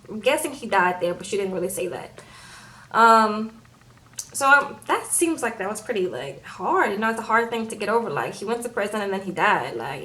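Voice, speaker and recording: A woman's voice: fairly bright tone, low-quality recording. A young woman vlogging at home, casually recapping a reality episode, full of fillers and acting out quotes. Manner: chatty, acts out quotes in higher voices, frequent fillers.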